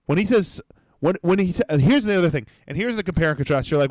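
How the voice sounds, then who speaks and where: A man's voice: a little high, expressive, quick pace, a little mellow, no room sound. A young adult man hosting a comedy podcast, ranting sarcastically with lots of swearing and mocking impressions. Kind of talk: comedic rant.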